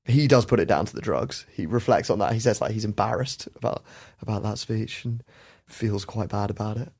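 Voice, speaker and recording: A man's voice: lowish voice, brisk, vocal fry, a little mellow, husky. A man hosting a podcast, chatty, often laughing as he tells a story. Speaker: podcast host.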